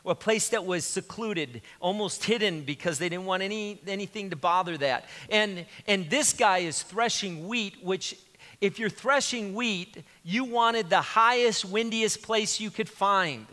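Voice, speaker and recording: A man's voice: high voice, a little slow, bright, forceful tone. A male pastor preaching a sermon in a conversational, joking way as he retells scripture. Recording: reverberant hall.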